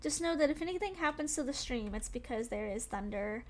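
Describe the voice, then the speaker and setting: A woman's voice: on the high side, lively intonation, a little fast, a little hiss or hum. A young woman streaming games, chatting casually and rambling, still shaken and breathless after a scary game. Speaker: gaming streamer. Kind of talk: casual live-stream chat.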